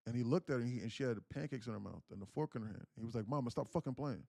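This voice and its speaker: A man in his thirties, host of a livestream, speaks candidly and earnestly while recounting a family story. His voice sits at a medium pitch. The recording is dry, with no room echo. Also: racing, vocal fry, dark tone. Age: 30s. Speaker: day trading livestream host.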